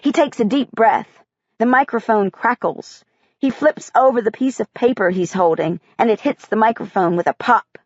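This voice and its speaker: A woman reading a first-person audiobook in a measured, quiet way. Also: on the high side, dry recording, dull audio. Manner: measured, quiet child's-eye telling. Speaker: audiobook narrator.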